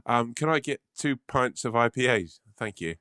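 A man's voice: medium pitch, expressive, moderate pace, sharp tone, no echo, clean studio sound. Man putting on a prim, wholesome bloke. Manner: prim, careful, oddly wholesome put-on voice. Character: overly polite man breaking bad news to a friend.

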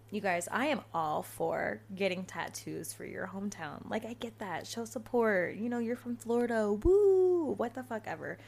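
A woman in her twenties hosting a podcast, telling stories in a casual, profane, animated way. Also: medium pitch, normal speed, gravelly. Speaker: podcast host. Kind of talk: casual storytelling monologue.

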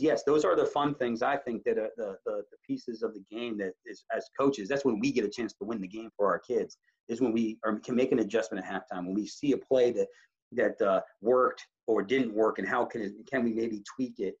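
A man, a high school basketball coach, talking animatedly in a casual interview, rambling with many restarts. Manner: animated, rambling, full of restarts and self-quotes. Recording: slightly muffled audio.

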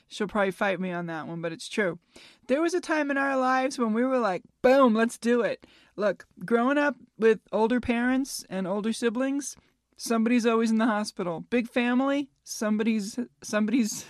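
A woman's voice: mid-range voice, no room sound, studio quality. A woman in her fifties hosting a casual solo podcast, chatty and self-mocking, laughing at her own jokes. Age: 50s. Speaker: podcast host.

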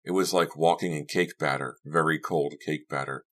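An audiobook is narrated by a man with a bass voice. He reads from a script in an even, measured manner.

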